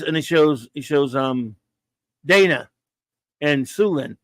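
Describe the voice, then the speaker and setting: A man's voice: fairly high pitch, measured pace, pauses often, fairly bright tone, dry recording. A man talking casually as a guest, rambling enthusiastically and acting out quoted dialogue. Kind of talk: casual chat.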